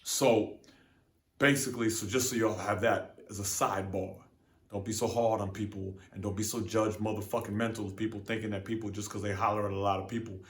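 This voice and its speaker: A man's voice: on the low side, fairly quick. A young man hosting his own show, telling a story in casual, profane slang and acting out both sides of the exchange. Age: young adult. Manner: profane, slangy, animated retelling with quoted exchanges. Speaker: podcast host. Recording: echoey room.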